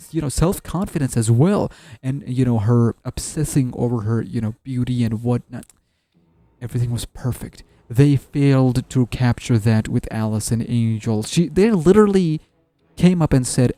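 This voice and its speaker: Male gaming commentator, casual and joking, warm mellow voice, dry close sound. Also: medium pitch, no echo. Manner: animated, joking, restarts often and stumbles over words. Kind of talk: casual tier-list commentary.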